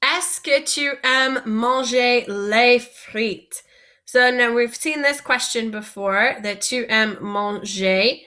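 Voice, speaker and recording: A woman's voice: a little high, slow, sharp tone. A woman teaching a French vocabulary lesson, patiently asking learners to repeat words after her.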